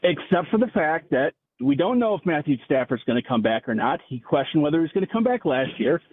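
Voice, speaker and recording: A man's voice: on the high side, big pitch swings, a little fast, slight background noise. Ranting male caller on a tinny phone line. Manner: sarcastic, ranting. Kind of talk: sports radio call-in.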